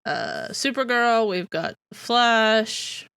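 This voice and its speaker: She co-hosts a podcast, talking very slowly in loose, rambling chat with lots of fillers. The voice is a little high, a bit bright, clear and resonant, recorded dry with clean studio sound.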